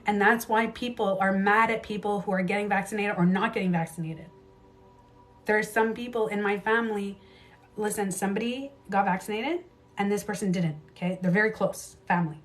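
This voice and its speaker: A woman in her thirties talks through her own hard stories on a casual livestream, with a mid-range pitch, blunt swearing and lively asides. Faint music plays underneath her voice. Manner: candid, swears freely, animated retelling with quick asides. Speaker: beauty coach livestream host.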